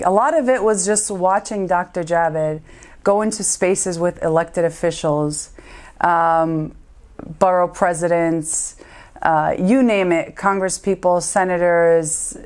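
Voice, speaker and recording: In a recorded interview, a woman in her thirties who works as a community lawyer offers a sincere, heartfelt tribute in a slightly mellow, lowish voice. Her speech is dotted with frequent "um" and "uh" fillers.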